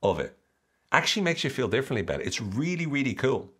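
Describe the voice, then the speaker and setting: A man hosting a motivational podcast, talking in a playful, animated way and acting out voices. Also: mid-range voice, fast talker, slightly rough. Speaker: podcast host.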